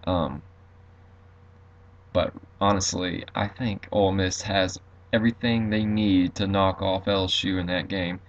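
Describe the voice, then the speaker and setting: A man's voice: deep voice, steady tone, measured pace, dull audio. A young man giving a casual, rambling college football preview straight to his viewers. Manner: rambling, loose, talks to viewers as guys. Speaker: sports vlogger.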